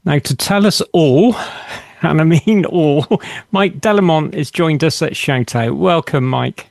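A man's voice: on the high side, slow, gravelly, darkish tone, no echo, studio quality. A man hosting a podcast, chatting casually with many ums. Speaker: podcast host. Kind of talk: casual radio chat.

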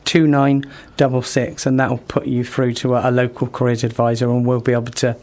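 A man being interviewed on community radio about careers support, informative and pausing with ums. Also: mid-range voice, monotone, a little mellow. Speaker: careers service guest.

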